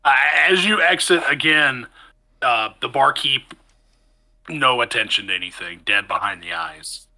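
A man narrating a tabletop role-playing session as game master. His voice is very bright and forward, and his delivery is loose and rambling, full of fillers. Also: mid-range voice, lively intonation, a little slow, rough recording.

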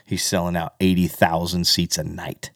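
A man's voice: normal speed, creaky, no room sound, studio quality. Chatty male podcast co-host. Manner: rambling, animated, drops into low impressions of others. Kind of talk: casual chat about country music.

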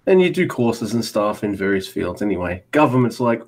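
A man's voice: lowish voice, lively intonation, brisk, few pauses, a little mellow. A man with an Australian accent co-hosting a podcast, chatting casually and rambling through a story, swearing freely. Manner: rambling, swears freely, acts out both sides of conversations. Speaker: podcast co-host. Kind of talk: casual chat.

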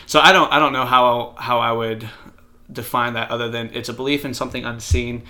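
A man's voice: mid-range voice, steady tone, fairly quick, bright, forceful tone. A man co-hosting a casual talk show, rambling through jokes and thoughts and correcting himself as he goes. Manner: rambling, self-correcting storyteller. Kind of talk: casual chat and joke telling.

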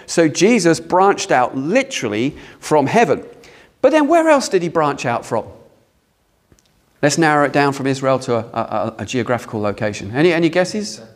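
A man's voice: fairly high pitch, big pitch swings, moderate pace. A British man preaching a sermon in a conversational way, asking the congregation questions. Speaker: pastor. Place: church hall with a congregation.

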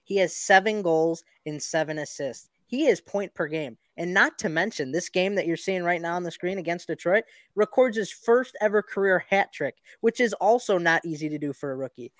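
A man co-hosting a casual sports podcast over a video call, talking in a halting, hesitant way. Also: sits high, fairly bright tone, no echo. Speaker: podcast co-host.

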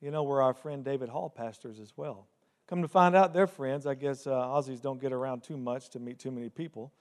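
A man's voice: mid-range voice, fairly quick. A man, the host pastor, introducing a guest speaker in a chatty, rambling way. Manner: chatty, with many fillers.

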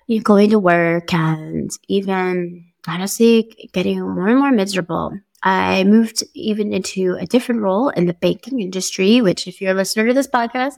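A woman in her thirties tells her own story as a podcast host, candid and easygoing. Her voice sits low and carries a gravelly edge. The close mic leaves it dry, with no room sound. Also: dry recording. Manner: candid, conversational, upbeat with soft laughs. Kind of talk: personal storytelling monologue.

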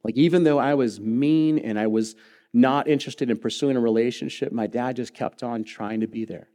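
A man's voice: mid-range voice, normal speed. Guy pastor preaching in church, tells his own story, jokey then earnest, mid voice. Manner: personal storytelling with humor, earnest and animated. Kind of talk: sermon. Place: church sanctuary.

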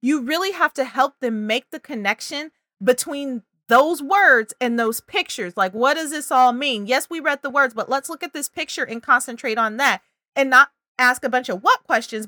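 A woman's voice: high-pitched, normal speed, sharp tone, no echo, studio quality. A woman talking parents through early reading and language signs, acting out child and parent voices now and then. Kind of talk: parenting advice video.

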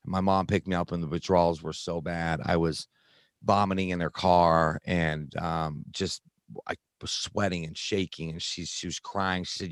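Low-voiced man telling his story earnestly. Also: fairly even intonation, no echo, studio quality. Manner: earnest, halting, many restarts and fillers. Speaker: guest sharing recovery story. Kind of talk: personal storytelling in conversation.

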